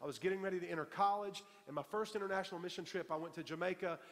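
A man's voice: high voice, very fast, a bit bright. A man preaching a sermon, telling stories emphatically and repeating key lines for weight. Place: church sanctuary. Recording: long hall reverb from a church.

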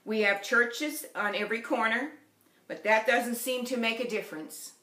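A woman's voice: fairly high pitch, normal speed, sharp tone. A woman with a Newfoundland accent, delivering an earnest sermon as a lay preacher and telling a story to the congregation. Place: church. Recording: roomy church echo.

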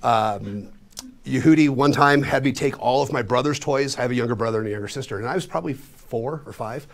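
A man in his forties from Colorado performs a comic story before a live studio audience. His voice sits at a middle pitch, and his delivery is animated and self-deprecating, jumping from loud bursts to hushed asides. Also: brisk, creaky. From Colorado, USA. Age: 40s. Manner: animated, self-deprecating, with sudden swings in loudness. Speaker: storyteller and magician.

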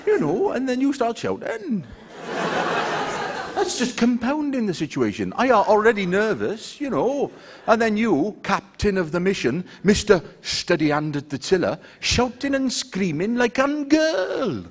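A man's voice: high-pitched, huge pitch swings, measured pace, a little hiss or hum, voice pushed up, exaggerated voice. A comedian playing a glum, put-upon British astronaut crewman who mutters and grumbles. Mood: sulky.

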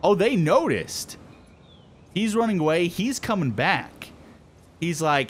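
A young man giving excited let's-play commentary, swearing and exclaiming often. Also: high-pitched, takes it slowly, long pauses, slight background noise. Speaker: gameplay commentator.

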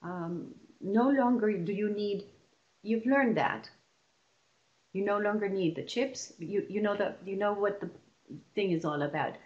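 A woman leading a lesson for teachers, explaining patiently and stretching example words out slowly. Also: mid-range voice, darkish tone, muffled recording. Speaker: teacher trainer.

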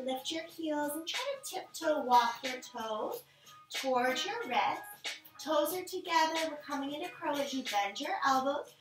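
A woman leading a power yoga class, giving calm, encouraging step-by-step cues. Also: high voice. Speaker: yoga instructor. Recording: echoey room, mic at a distance, music behind.

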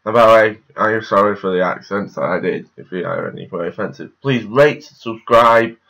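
A man's voice: lowish voice, normal speed, creaky, fairly bright tone, muffled recording. A young man vlogging casually, rambling with frequent restarts and self-corrections. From England. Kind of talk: casual daily vlog to camera.

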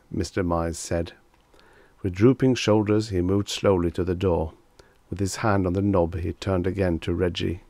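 Low-voiced man narrating a story. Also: normal speed, vocal fry, dry recording. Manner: lively, expressive storytelling. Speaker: audiobook narrator.

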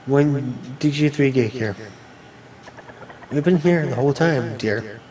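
A man reading video game dialogue aloud as a let's player, with a halting delivery and frequent restarts. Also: medium pitch, darkish tone, slight background noise, low-quality recording.

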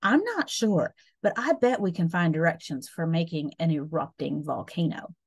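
A woman voicing George, a playful, eager schoolboy, in a lively read-aloud voice. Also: low-pitched, normal speed, husky, exaggerated voice.

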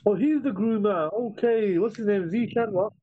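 A stream host with a high voice speaks at a moderate pace on a dry recording with dull lo-fi audio. He jokes crudely, swears freely, and teases in a repetitive way, often saying "you know what I mean".

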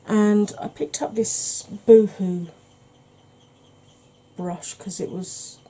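A woman's voice: mid-range voice, drawn-out words, dark tone. A woman hosting a makeup channel, chatting casually through a tutorial with rambling, self-deprecating asides.

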